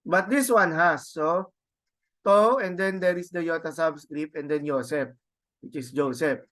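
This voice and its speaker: A man with a Filipino accent teaching a Greek grammar lesson, halting and repeating words, often adding "no?" to check on students. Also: on the high side, a bit bright. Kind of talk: classroom lecture.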